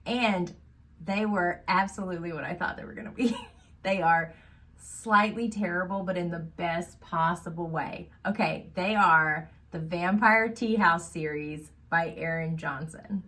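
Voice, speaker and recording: Woman book podcast host, chatty, laughs a lot, lowish voice. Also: measured pace. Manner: animated, laughs often, chatty. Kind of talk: casual book chat.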